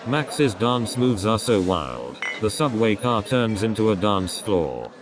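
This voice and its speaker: A man's voice: fairly low pitch, very animated, takes it slowly. A man doing a stand-up comedy routine, rambling through setups and repeating his catchphrases. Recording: crowd noise behind the voice.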